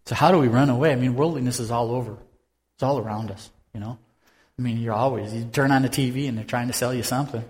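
A man preaching a conversational sermon as pastor, swinging from loud bursts to hushed tones. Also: medium pitch, fast, big-room sound.

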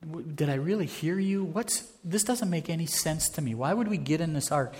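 A man's voice: on the high side, lively intonation, moderate pace, a little mellow, close to an everyday voice. A man voicing a doubting old man shut inside a boat, questioning and bewildered. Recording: reverberant hall.

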